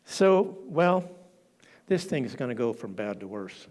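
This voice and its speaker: A man's voice: medium pitch, darkish tone. A man preaching a sermon in a church, dramatic and acting out the quoted lines as he tells the story.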